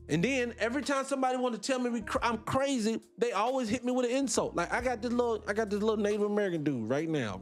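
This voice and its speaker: A man hosting a live show, talking in a rambling, blunt and profane casual monologue. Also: high voice. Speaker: host.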